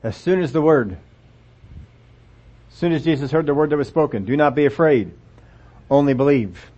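A man's voice: on the high side, moderate pace, pauses often, warm tone. An older man preaching a sermon, reading scripture aloud and breaking into folksy, self-deprecating asides. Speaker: pastor. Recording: dull lo-fi sound.

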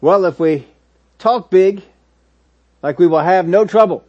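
A man's voice: sits high, measured pace, a little mellow. Man preaching a sermon, dull lo-fi sound. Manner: storytelling, acts out biblical figures' words. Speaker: pastor. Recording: dull lo-fi audio.

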